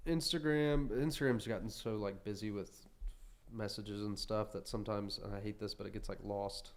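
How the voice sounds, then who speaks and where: A man's voice: on the low side, normal speed. A young man, a suit shop owner, chatting casually as a guest in an interview, rambling with lots of fillers. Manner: rambling, filler-heavy, relaxed.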